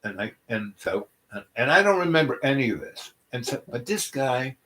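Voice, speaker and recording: A man hosting a comedy show, telling a meandering story full of restarts and absurd deadpan asides. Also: medium pitch, moderate pace. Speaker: comedic YouTube host. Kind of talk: rambling comic storytelling monologue.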